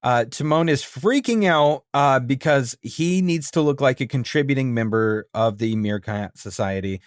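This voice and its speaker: A man's voice: mid-range voice, normal speed, dry recording. Laughing man chatting on a dry podcast mic. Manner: animated, laughs often, easily amused. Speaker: podcast co-host. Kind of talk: casual chat about cartoons.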